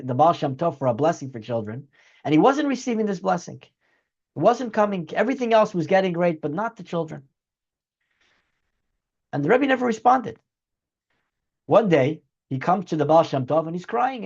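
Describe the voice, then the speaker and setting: Male rabbi, high-pitched, earnest storytelling lecture, muffled lo-fi sound. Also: big pitch swings, fairly quick. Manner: earnest, acts out dialogue in story. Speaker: rabbi teaching a weekly class.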